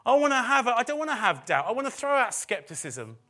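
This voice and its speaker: High, bright preacher. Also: male voice, big pitch swings, quick pace. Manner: conversational, with self-deprecating asides; repeats phrases for emphasis. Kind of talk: sermon. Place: church service.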